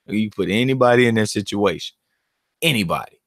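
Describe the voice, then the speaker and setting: A man's voice: lowish voice, a little fast, dry recording, clean studio sound. A man hosting his own channel, giving casual, profane, laughing commentary on boxing. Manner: animated, profane, laughing banter.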